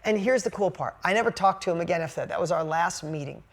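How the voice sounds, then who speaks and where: Blunt, lively woman coach telling a story to her group. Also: on the low side, fast. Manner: candid, animated storyteller who swears casually. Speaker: business coach.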